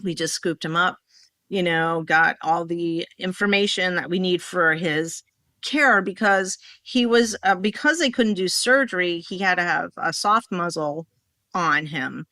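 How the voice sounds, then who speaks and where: A woman telling a rambling story in a casual podcast conversation, acting out what people said with lively swings in her voice. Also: on the low side, a little slow, dry recording. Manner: animated, rambling, acts out quoted dialogue.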